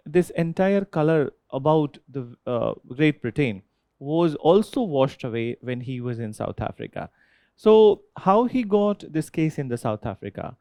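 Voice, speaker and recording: A man's voice: a little high, a little mellow, dry recording. A man with an Indian accent teaching a history class, asking students questions and repeating key points with frequent "okay?" checks.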